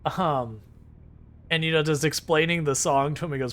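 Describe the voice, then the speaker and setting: Chatty streamer man, slightly high voice. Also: fairly even intonation, moderate pace, fairly bright tone, a little hiss or hum. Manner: rambling, chatty, laughs easily; talks to chat while driving. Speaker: streamer playing a truck driving game. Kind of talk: casual live-stream chat.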